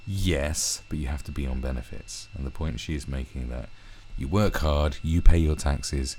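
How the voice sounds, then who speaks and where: A man's voice: rumbling low, normal speed, hardly any pauses, darkish tone, slight background noise. A man ranting through a commentary video, swearing heavily and often restarting his sentences. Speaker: commentary vlogger.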